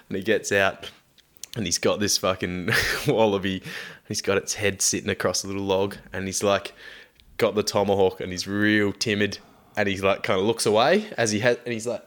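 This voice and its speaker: A man's voice: lowish voice, flat delivery, fairly quick, a bit bright. An Australian man, a young adult, swearing freely and telling stories animatedly in casual chat.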